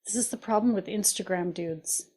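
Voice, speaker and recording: A woman co-hosting a cooking podcast in casual chat, animated and playful. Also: mid-range voice, normal speed. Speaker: podcast co-host.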